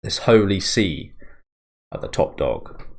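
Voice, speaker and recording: A man's voice: sits low, very animated, slow, vocal fry. A man hosting a casual manga reading, commenting freely and swearing often. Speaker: manga reaction host.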